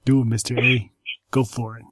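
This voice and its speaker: Male co-host, short replies, laughs along, mid pitch, dry close sound. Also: little pitch movement, moderate pace, husky, no room sound. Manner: brief reactions, laughs along. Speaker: podcast co-host. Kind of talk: casual chat.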